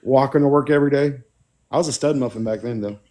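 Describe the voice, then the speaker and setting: A man's voice: medium pitch, fast talker, warm tone. A man telling profane army stories in casual chat with friends. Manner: profane storyteller, does voices of people he quotes. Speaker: podcast co-host.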